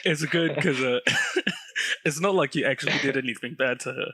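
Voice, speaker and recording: A young man from England co-hosting a casual chat, laid-back and quick to laugh. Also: mid-range voice, pushed and bright, slightly rough. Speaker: podcast co-host.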